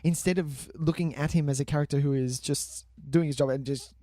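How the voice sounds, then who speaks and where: A man's voice: on the high side, steady tone, brisk, mellow, no echo, clean studio sound. A man co-hosting a casual film podcast, enthusiastic and swearing freely. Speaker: podcast co-host.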